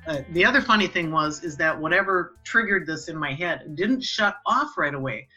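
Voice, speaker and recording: A woman telling a personal story in a casual, animated way, acting out the voices of the people in it. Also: fairly low pitch, moderate pace, dull audio, soft background music.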